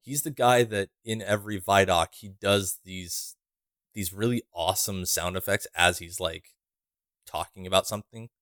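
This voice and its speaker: A man's voice: low-pitched, fairly even intonation, normal speed, fairly bright tone, no room sound, clean studio sound. A man co-hosting a podcast in casual chat, rambling and wry, swearing now and then. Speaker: podcast co-host.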